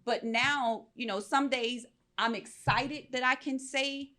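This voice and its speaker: A woman's voice: high voice, fairly even intonation, takes it slowly, pushed and bright. A woman with a slightly raised voice co-hosts a live panel, talking candidly about her own struggles. She speaks with emphasis and keeps checking in with her listeners. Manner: open, emphatic, asks "right?" often. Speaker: podcast co-host.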